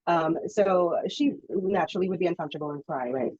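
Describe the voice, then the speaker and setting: Guest, woman in her thirties: lowish voice, lively storyteller, muffled dry audio. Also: a little fast, husky, no room sound. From Filipino heritage. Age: 30s. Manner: animated storytelling, laughs often. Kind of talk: casual interview chat.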